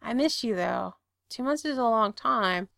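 A man's voice: very high-pitched, animated, measured pace, creaky, pushed and bright, no room sound, studio quality, heavily acted. A woman voicing a wistful, teasing grown man in a read-aloud story. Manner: wistful, a little sheepish.

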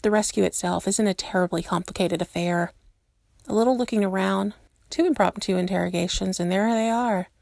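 A woman narrating a story aloud in a steady, measured way. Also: mid-range voice, creaky, no echo, studio quality. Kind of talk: reading fan fiction aloud.

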